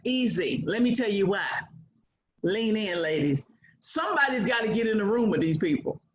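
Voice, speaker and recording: A woman's voice: medium pitch, expressive, normal speed, roomy sound, highs cut off. A woman in her sixties giving a bold, preacher-like motivational speech to an audience of women. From United States. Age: 60s. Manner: bold, preacher-like, mimics others. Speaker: guest speaker.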